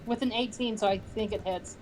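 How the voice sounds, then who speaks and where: A woman's voice: medium pitch, fairly even intonation, a little fast, a little mellow, low-quality recording. A woman playing a tabletop game, talking casually and searching for her words. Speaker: player.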